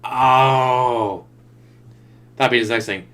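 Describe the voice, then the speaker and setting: A man's voice: medium pitch, lively intonation, unhurried, long pauses, bright, forceful tone. Sarcastic man riffing on a stream. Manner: sarcastic, mocking. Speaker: streamer reacting to another stream. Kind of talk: casual reaction commentary. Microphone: desktop USB mic.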